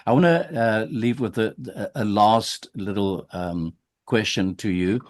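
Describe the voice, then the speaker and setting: Deep-voiced host. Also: male voice. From South Africa. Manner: measured, with frequent restarts and hesitations. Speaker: podcast host. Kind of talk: sit-down interview.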